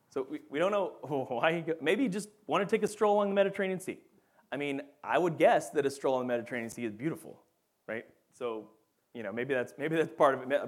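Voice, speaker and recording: A man teaching a Bible lesson in a casual, animated way, often checking in with his listeners. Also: mid-range voice. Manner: animated, acts out quoted voices, frequent "right?" and "okay?".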